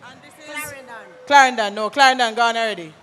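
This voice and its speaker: An MC with a Jamaican accent hosting a live event, calling out loud directions to a crowd and slipping into patois. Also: mid-range voice, fast talker. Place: large conference hall. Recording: hall reverb with music behind.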